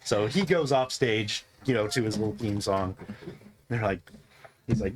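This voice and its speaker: A man's voice: on the low side, moderate pace, a little hiss or hum. A man narrating as game master in a loose, rambling storytelling way.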